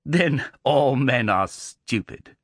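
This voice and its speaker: A man reading an audiobook, voicing a precocious, scornful boy of about five who speaks slowly and pointedly. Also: mid-range voice, animated, husky, dry recording, studio quality. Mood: triumphant. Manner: slow, pointed, triumphant.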